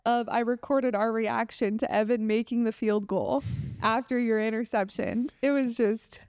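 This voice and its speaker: A young woman from Colorado co-hosting a podcast in casual chat, animated and laughing often. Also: a little high, normal speed, clear, resonant tone, dry recording, studio quality. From Colorado, USA. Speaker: podcast co-host.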